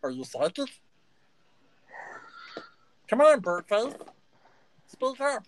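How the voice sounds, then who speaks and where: A man's voice: extremely high pitch, big pitch swings, slow pace, no room sound, pitched above the performer's own voice, full character voice, poor audio. A man voicing a jittery, brash male gnome barfly who rambles and picks fights. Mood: manic.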